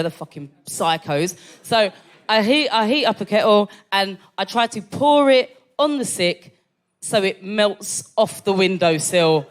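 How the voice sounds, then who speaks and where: A woman comedian doing a stand-up set in a club, telling a story brashly with lots of swearing and "right?" tags. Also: mid-range voice. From London. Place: comedy club stage before a live audience.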